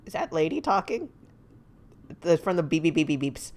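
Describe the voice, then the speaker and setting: A woman streamer chatting casually through a game, reacting out loud and laughing easily. Her voice is low-pitched yet lively, swinging widely as she talks. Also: normal speed, slight background noise. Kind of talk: casual let's-play commentary.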